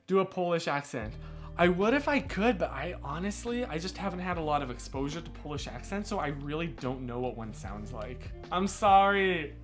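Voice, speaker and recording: Over music, a man with a slightly high voice and lively intonation speaks a little fast. He's hosting a live stream from a home room, joking around with viewers, teasing himself and laughing a lot.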